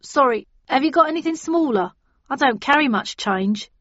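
A woman's voice: high-pitched, expressive, normal speed, a bit bright, dry recording, voice pushed up. Casting: a woman doing a cheeky, pushy cab driver man, dry dull sound. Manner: pushy, bargaining.

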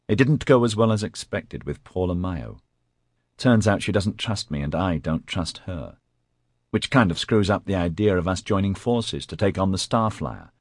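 A man's voice: sits low, no room sound, studio quality. A man voicing a weary, guarded young woman. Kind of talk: audiobook character voice.

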